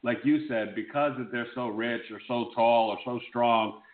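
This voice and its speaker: A man's voice: mid-range voice, normal speed. A man co-hosting a talk show, asking a guest rambling, enthusiastic questions. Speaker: co-host. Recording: echoey room over a tinny line.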